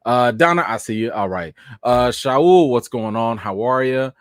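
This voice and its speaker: A man hosting a casual live stream, giving quick shout-outs to viewers and rising into high, exasperated rants. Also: animated, no room sound, clean studio sound. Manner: rises into high, exasperated ranting.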